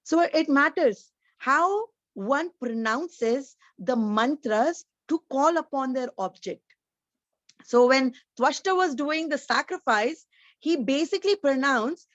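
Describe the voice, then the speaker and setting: A woman's voice: sits high, lively intonation, a little slow, no room sound, dull audio. A woman giving an online scripture lecture, explaining each point earnestly, like a teacher.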